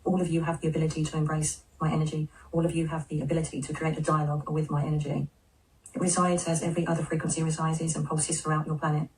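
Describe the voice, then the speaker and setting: A serene male spirit of Jesus speaks through a medium, as a woman channels him. The delivery is slow, solemn and almost monotone, holding one level note. The voice sits back from the microphone. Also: deep voice, recorded from a distance, voice pushed down, natural voice, low-quality recording. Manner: slow, solemn, measured pronouncements.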